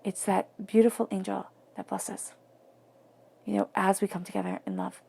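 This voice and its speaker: A woman giving a tarot reading in a soft, flowing, reflective way, sometimes dropping to near-whispers. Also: medium pitch, little pitch movement, moderate pace, creaky, husky. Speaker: tarot reader.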